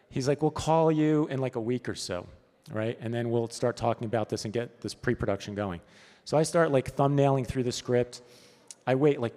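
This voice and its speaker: A man's voice: medium pitch, mellow. Chatty man telling stories in a hall. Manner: casual, chatty, frequent "right?" asides. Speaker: storyboard artist giving a talk. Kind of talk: conference talk, anecdotal storytelling. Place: event hall. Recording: long hall reverb.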